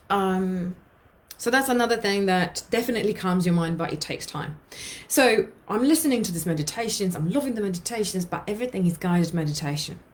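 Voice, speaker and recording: A woman from Poland telling a personal story in a chatty way that circles back on itself, with a lot of fillers and repeats. Her voice sits a little low for a woman. She comes across as an emotional, open storyteller. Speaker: hypnotherapist and podcast host. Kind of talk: personal storytelling, casual monologue.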